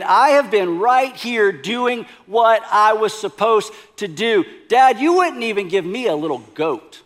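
A preacher acting out a sulking, resentful older son. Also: male voice, high voice, fairly bright tone. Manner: indignant, pleading complaints. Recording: long hall reverb.

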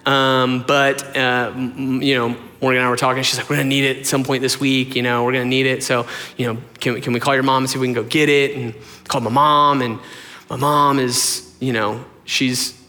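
Bright-voiced man preaching in a hall. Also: mid-range voice, little pitch movement, brisk. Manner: casual, self-mocking storyteller acting out dialogue. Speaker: pastor. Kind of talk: sermon storytelling. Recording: large reverberant hall.

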